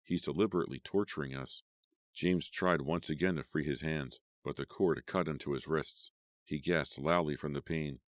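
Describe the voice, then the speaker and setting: A man narrating a horror audiobook in a steady, measured storytelling voice. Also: extremely low pitch, no room sound, clean studio sound.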